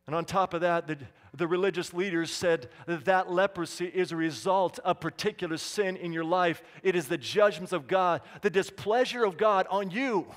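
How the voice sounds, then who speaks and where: A high-pitched male pastor preaches in a church sanctuary. His voice drops low and soft and then climbs into loud, pleading calls. A long reverb rings behind him. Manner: dramatic preaching, swinging between hushed and loud calls. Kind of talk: sermon.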